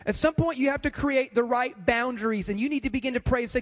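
A male pastor with a very high voice preaches to his congregation, stressing points by repeating them. His words ring out with long reverb in a church hall. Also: quick pace. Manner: repetitive, emphatic, addresses the congregation. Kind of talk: sermon.

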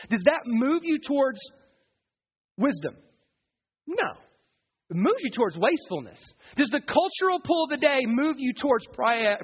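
A man's voice: very high voice, husky, highs cut off. A man preaching a sermon as pastor, full of energy and asking the congregation questions.

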